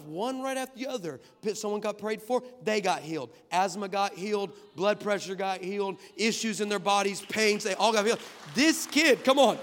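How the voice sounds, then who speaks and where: A man preaching an energetic sermon, telling a story and building to shouted peaks. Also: high voice. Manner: builds to shouted crescendos, acts out voices in stories. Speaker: guest preacher. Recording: long hall reverb.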